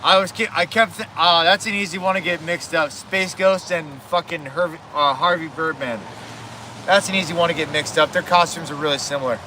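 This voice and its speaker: A man rambling on a casual livestream, stopping to correct himself and swearing now and then. His voice is bright and sits a bit high, with faint outdoor background hiss. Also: a little fast. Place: outdoors at home.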